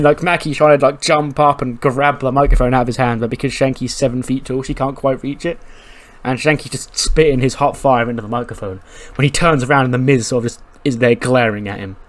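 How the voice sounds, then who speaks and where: A man giving casual, animated commentary on a wrestling sim game, swearing now and then. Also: mid-range voice. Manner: animated, profane. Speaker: gaming commentator. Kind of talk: casual let's-play commentary.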